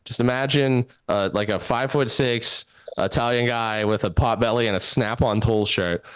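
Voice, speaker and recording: Young male comic working a video-call crowd, loose and rambling with lots of likes, smooth resonant voice, dead-dry home mic. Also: mid-range voice, steady tone, normal speed, no echo. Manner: loose rambling delivery, lots of likes and uhs, laughs at own jokes. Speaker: stand-up comedian. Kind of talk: stand-up set on a video call show. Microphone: home microphone.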